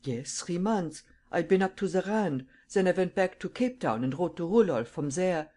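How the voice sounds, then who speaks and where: A narrator voicing a poor, excitable old German man with a German accent who stammers and splutters in bursts. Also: sits high, moderate pace, voice pushed up. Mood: explaining. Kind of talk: audiobook character voice.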